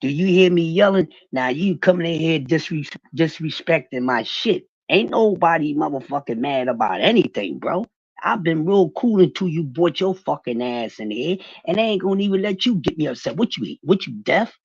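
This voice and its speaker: Man with a husky, lively voice. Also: a little high, moderate pace, no echo, muffled recording. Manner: profane, animated, talking back to chat. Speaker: livestream host. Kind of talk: casual livestream boxing rant.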